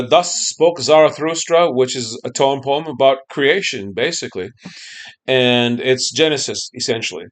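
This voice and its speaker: A man's voice: medium pitch, moderate pace. A man lecturing a class on music history, loose and conversational, checking in with the students and humming snippets of melodies.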